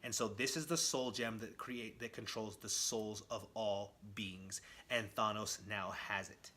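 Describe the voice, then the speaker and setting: A man's voice: fairly low pitch, steady tone, measured pace, bright, forceful tone. A man hosting a casual comic book video who tells the story with enthusiasm and speaks straight to his viewers. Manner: enthusiastic, addresses viewers directly.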